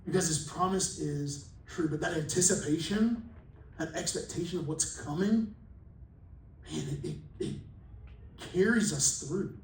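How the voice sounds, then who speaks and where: Preaching at a moderate pace, a man with a fairly high voice gives a relaxed, joking, conversational sermon and acts out quotes along the way. He's in a church hall, captured from a distance with echo and faint room noise.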